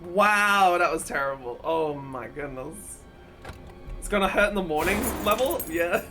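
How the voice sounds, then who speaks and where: Woman streamer reacting to videos, super animated, laughs a ton, slow-ish pace. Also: lowish voice, over loud music. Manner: animated, laughs often, exasperated rants. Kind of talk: casual reaction commentary.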